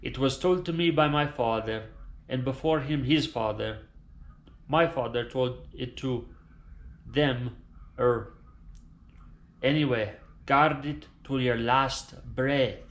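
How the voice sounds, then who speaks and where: A man's voice: medium pitch, takes it slowly, pauses often. A man voicing a dying father who speaks in a grave, mock-solemn way. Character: dramatic dying Italian-American father. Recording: roomy echoing room.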